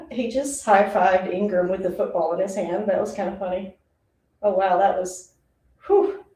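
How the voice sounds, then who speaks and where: A woman's voice: medium pitch, unhurried, mellow, recorded from a distance. Chatty woman streamer, roomy and off-mic. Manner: chatty, rambling, laughs often. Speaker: football reaction streamer. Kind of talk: casual live play-by-play reaction.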